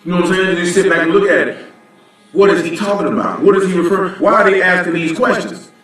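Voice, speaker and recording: A man with a high, fairly bright voice speaks fast as he teaches the Bible at a religious assembly. He's blunt and conversational, repeatedly asking "you know what I'm saying," and the recording is distant and very echoey.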